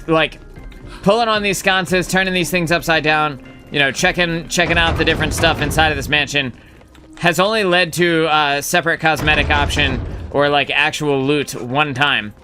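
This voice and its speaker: A man streaming a game live, rambling casually as he thinks aloud and swears now and then. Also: on the high side. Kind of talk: casual gameplay commentary.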